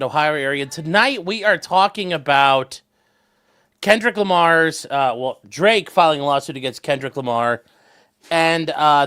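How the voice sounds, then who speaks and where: A man's voice: a little high, sharp tone. A man hosting a casual livestream from home as a lawyer, rambling and chatty, breaking off to coo at his pets. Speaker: attorney and livestream host.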